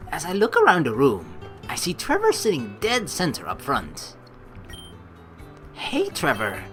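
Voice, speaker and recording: A woman's voice: deep voice, huge pitch swings, unhurried, long pauses, fairly bright tone, soft background music. Chatty woman doing let's play commentary. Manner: chatty, joking, swears casually.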